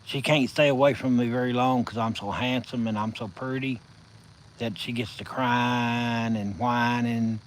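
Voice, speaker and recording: A man with a Southern US accent hosting a casual live stream from his phone, telling stories in a folksy, drawn-out way. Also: mid-range voice, steady tone, a little hiss or hum, low-quality recording. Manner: folksy, drawn-out storytelling with chuckles.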